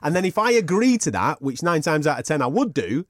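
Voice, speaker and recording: A podcast co-host, a man, tells a rambling, sweary tale with lots of laughs. His pitch swings widely as he acts out the story. The recording is close and dry. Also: fairly quick, no room sound. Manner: animated anecdote with sweary banter and laughter. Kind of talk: casual storytelling chat.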